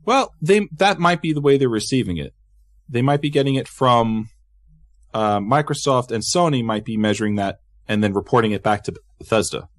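Mid-range in pitch and moderate in pace, this podcast co-host keeps things jokey and animated, laughing frequently through a casual chat. The audio is studio quality without echo.

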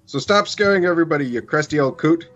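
A man's voice: a little high, animated, fast, fairly bright tone, highs cut off, soft background music. A man voicing a formal, wordy cat-folk mage in an audio drama. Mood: pompous. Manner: flowery, formal phrasing. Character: Khajiit male mage, pompous and wordy.

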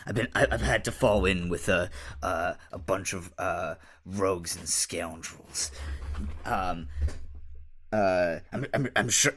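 A little gnome man playing at being a grim vigilante, voiced by a man, dropping to a low, hushed and earnest tone with halting pauses. The voice is lower and softer than his usual bright talk. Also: husky, exaggerated voice.

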